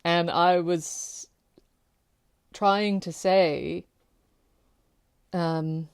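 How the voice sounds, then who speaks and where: A woman's voice: fairly low pitch, fairly even intonation, extremely slow, creaky, pauses often, smooth. A woman telling a personal story to camera, candid and conversational, loose with little fillers. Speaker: keynote speaker.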